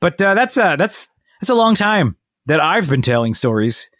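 A man co-hosting a casual podcast and dropping dry, wry comments. His pitch moves up and down a lot. The sound is close and dry. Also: sing-song, normal speed, a bit bright, dry recording. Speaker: podcast co-host. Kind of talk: casual chat.

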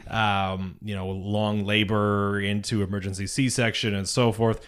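A man hosting a parenting podcast in casual chat, talkative and quick to laugh at himself. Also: on the low side, flat delivery, clean tone. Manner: chatty, laughs often, self-deprecating. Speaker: podcast host.

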